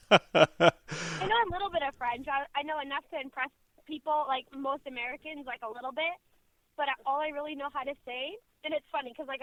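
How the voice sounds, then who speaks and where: A woman's voice: sits high, lively intonation, brisk, no echo, phone-quality sound. A woman, a radio co-host telling rambling stories in casual chat, full of "like". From Canadian prairies. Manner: chatty rambling storyteller, many "like"s.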